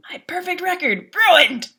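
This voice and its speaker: A woman streamer in casual chat, telling game stories with frequent laughs and swearing, acting out her own outbursts. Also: takes it slowly. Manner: animated storytelling, laughs often, swears, acts out her own outbursts in a high voice.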